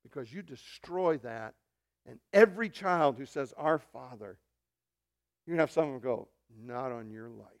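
A man preaching a sermon as pastor, dropping to hushed murmurs and rising to loud, animated preaching, with joking asides to the congregation. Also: fairly high pitch, moderate pace.

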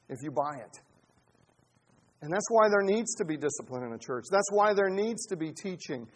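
A man in his forties preaching a sermon, mixing humorous family stories with emphatic, rising exhortation. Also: sits high. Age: 40s. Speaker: pastor.

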